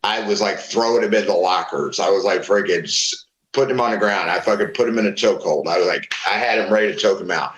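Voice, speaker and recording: Middle-aged man, low voice, animated cursing storyteller, echoey room. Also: quick pace. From Florida. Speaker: guest, former pro wrestler. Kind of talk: casual storytelling interview.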